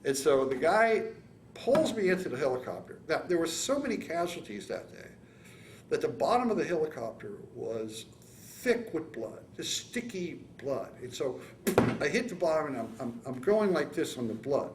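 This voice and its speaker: A man in his seventies from San Francisco, telling his war story in an oral history interview, with halting restarts and acted-out quotes. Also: a little high, very animated, reverberant, noisy background. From San Francisco, California. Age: 70s. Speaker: veteran interviewee.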